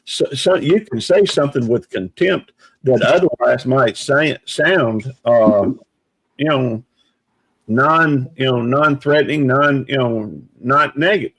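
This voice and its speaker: A man talking in a casual live chat, measured and reflective, with many pauses and restarts. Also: medium pitch, fairly bright tone, slightly rough, dry recording, low-quality recording.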